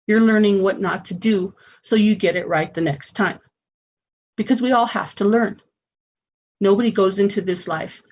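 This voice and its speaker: A woman's voice: medium pitch, breathy edge, muffled recording. A woman hosting a spiritual self-help radio show, talking in an earnest, encouraging way.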